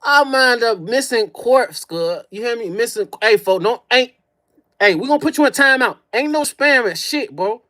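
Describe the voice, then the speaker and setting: A man's voice: extremely high pitch, animated, normal speed, bright, forceful tone. A young man telling a personal story on a livestream, in a profane, slang-heavy way with mouth sound effects. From Chicago. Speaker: streamer.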